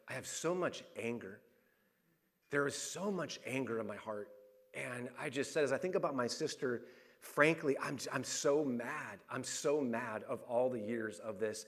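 A man's voice: mid-range voice, a bit bright. A middle-aged male pastor preaching a sermon, speaking candidly with restarts and repeating phrases for emphasis. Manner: personal and candid, many restarts and fillers.

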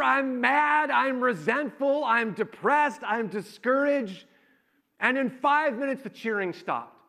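A man's voice: high voice, pushed and bright. A man, preaching a sermon as a pastor and telling a personal story in a conversational way, acting out quoted lines.

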